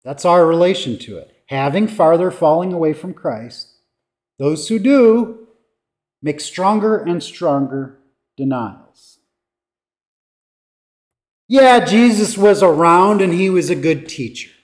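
A man preaching a sermon as pastor, emphatic, with dramatic pauses and quoted lines acted out. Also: a little high, lively intonation, a little mellow.

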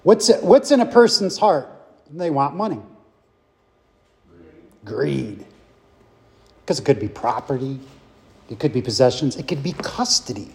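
A man teaching a Bible study class in a slow, halting way, with many fillers and restarts. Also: mid-range voice, lively intonation, creaky, darkish tone, big-room sound.

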